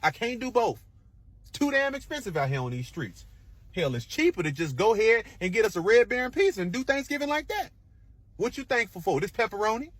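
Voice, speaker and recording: A man delivering an exasperated, animated comedic rant. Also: sits high, quick pace, dry recording.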